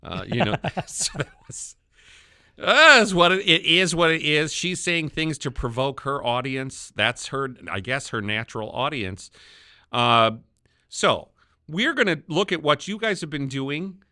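Man, Wisconsin accent, podcast host, fairly high voice, bright tone, wry chuckles. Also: expressive, unhurried, no echo, studio quality. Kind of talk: political podcast chat.

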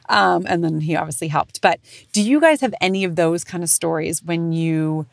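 Thirties woman ranting a family story, swears a lot, lowish voice, jumps way up for quotes, super dry mic. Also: a little fast, gravelly, dry recording. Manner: animated, swears freely, acts out quotes in high voices. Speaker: podcast host. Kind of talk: casual storytelling.

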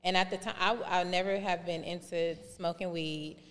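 A woman telling a long personal story in a casual podcast chat, animated and acting out remembered dialogue in different voices. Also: fairly low pitch, moderate pace. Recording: reverberant room with faint background noise.

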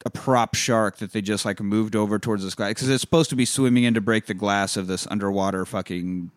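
A man's voice: fairly low pitch, steady tone, a little fast, no echo, clean studio sound. A man hosting a podcast, casually recapping a film scene by scene, swearing freely and acting out lines. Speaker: podcast host.

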